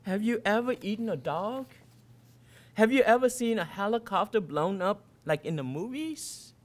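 Taunting schoolboy bullies, put on by a male reader: high mocking sing-song, lively pitch, crude. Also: normal speed. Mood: jeering.

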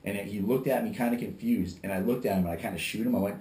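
A man, a restaurant owner and podcast guest, telling rambling stories in casual chat and acting out his customers in quick quotes. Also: fairly low pitch, a little mellow. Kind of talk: casual storytelling. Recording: roomy echo.

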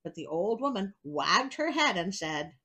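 A woman's voice: medium pitch, big pitch swings, a little slow, bright, forceful tone, breathy edge, rough recording. A woman hosting a storybook reading, breaking off for wry, chatty asides. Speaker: storyteller host.

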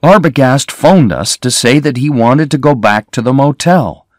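A man's voice: mid-range voice, lively intonation, normal speed, no room sound, clean studio sound, voice pushed up, close to an everyday voice. A man reading the lines of a worried adult man who speaks urgently and insistently. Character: worried adult man helping his friend.

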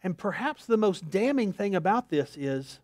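High-voiced pastor preaching with humor. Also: male voice, big pitch swings, moderate pace, a little mellow, no room sound. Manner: storytelling, self-deprecating, laughs at himself. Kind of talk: sermon.

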